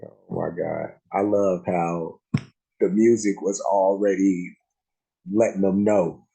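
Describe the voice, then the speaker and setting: A man's voice: lowish voice, steady tone, takes it slowly, gravelly, mellow, rough recording. A man hosting a reaction video, talking loosely with lots of fillers and slang. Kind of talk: casual reaction commentary.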